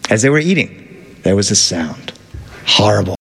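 A man telling a fairy tale to an audience in a playful, animated way, with asides to the listeners. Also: on the low side, normal speed, gravelly, long pauses, in a large hall. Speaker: storyteller. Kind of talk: live storytelling to an audience.

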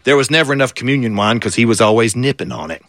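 A man's voice: medium pitch, quick pace, fairly bright tone, dry recording. A man from Kentucky, performing folk tales with a wry, folksy delivery. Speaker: storyteller.

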